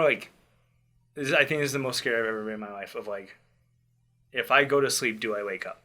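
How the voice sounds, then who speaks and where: A young man casually telling a personal story, acting out quotes and dropping quiet in tense moments. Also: medium pitch. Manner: animated, acts out quotes loudly then drops to quiet. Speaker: podcast host telling a story.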